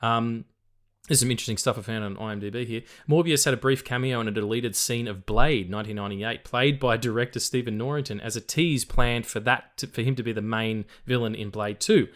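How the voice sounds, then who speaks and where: A man's voice: mid-range voice, a little fast, a bit bright. A man hosting a casual film podcast, chatty and swearing freely as he reads out trivia. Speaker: podcast host.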